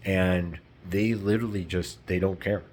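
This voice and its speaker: A low-voiced man talks straight to his audience in a loose, rambling vlog monologue. He is emphatic and swears often. There is a faint hiss in the background. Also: steady tone, a little slow, a little mellow. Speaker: vlogger. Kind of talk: casual monologue to camera.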